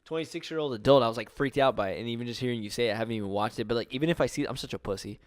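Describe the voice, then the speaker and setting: A man in his twenties co-hosting a podcast in casual chat, excitable and swearing. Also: mid-range voice, rapid-fire, no room sound. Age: 20s. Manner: excitable, laughs often, swears. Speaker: podcast co-host.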